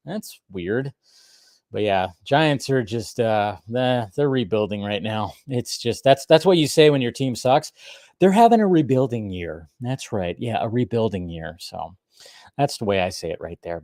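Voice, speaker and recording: A man's voice: mid-range voice, darkish tone, dry recording, clean studio sound. Chatty man hosting a live stream. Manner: chatty, greets viewers by name, many fillers. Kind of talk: casual live stream chat.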